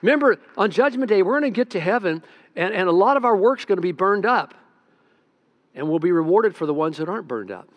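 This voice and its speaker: A man's voice: high voice, animated, fairly quick, muffled recording. Folksy older man preaching a sermon. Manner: folksy storytelling, swings from soft to emphatic. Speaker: pastor.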